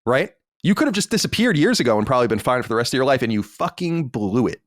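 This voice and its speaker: A man's voice: mid-range voice, big pitch swings, quick pace, dry recording, studio quality. A man hosting a podcast in casual chat, blunt and profane, getting heated. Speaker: podcast host.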